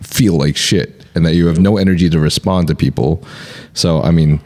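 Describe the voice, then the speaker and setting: A man with a very deep voice hosts a podcast interview. He reasons through his points in a measured, analytical way. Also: a little mellow. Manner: measured, analytical, brief backchannels. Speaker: podcast host. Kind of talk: interview conversation.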